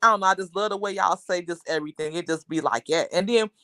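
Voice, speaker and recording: A woman's voice: on the low side, fast, sharp tone, no echo, studio quality. A woman hosting a casual livestream, chatting with viewers in a rambling, talkative way. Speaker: livestream host.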